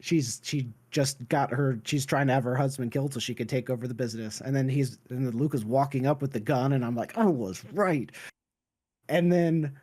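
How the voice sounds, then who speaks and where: A man on a casual podcast retelling a scene, adding animated quoted asides to his own reactions. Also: mid-range voice, brisk, hardly any pauses. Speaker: podcast panelist.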